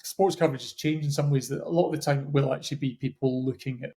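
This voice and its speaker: A man hosting a podcast, asking thoughtful, halting questions with restarts. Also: medium pitch, fairly even intonation, warm tone. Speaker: podcast host. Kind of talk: interview questions.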